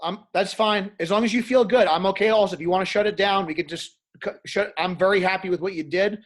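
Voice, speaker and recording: A man coaching a powerlifter through a meet in a calm, reassuring way, and interviewing a fellow lifter. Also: fast talker. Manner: calm, reassuring, low-key.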